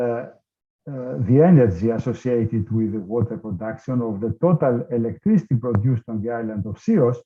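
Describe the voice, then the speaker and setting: A man giving a technical workshop presentation, pausing often with many filler sounds, heard over a video call. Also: lowish voice. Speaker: workshop speaker. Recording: tinny phone-like line.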